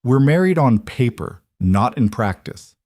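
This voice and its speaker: A man's voice: medium pitch, big pitch swings, unhurried, a little mellow, no echo, clean studio sound, voice pushed up. A man voicing a cold, blunt mafia boss husband who speaks in curt, matter-of-fact commands in an audiobook reading. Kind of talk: audiobook narration.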